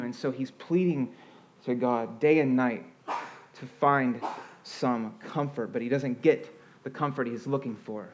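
In a sermon delivered at a measured pace, a pastor of medium pitch preaches earnestly and expressively. Emphasis comes through his rising and falling voice, and his conversational delivery includes frequent restarts.

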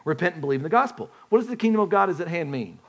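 A man's voice: sits high, animated, rapid-fire. A man preaching a sermon in a conversational way, often putting questions to the congregation and restarting his phrases. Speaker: pastor.

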